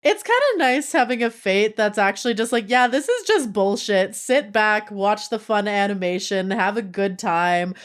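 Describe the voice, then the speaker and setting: A woman's voice: medium pitch, lively intonation, normal speed, hardly any pauses. A young woman streamer chatting casually with her viewers, gushing and giggling, with lots of "like" in her speech. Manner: giggly, breaks into laughter. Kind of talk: casual chat with live viewers.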